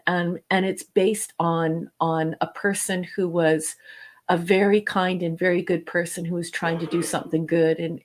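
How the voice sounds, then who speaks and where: Woman co-host, heartfelt and hesitant, lower register. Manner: earnest, heartfelt, hesitant with fillers. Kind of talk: casual livestream chat.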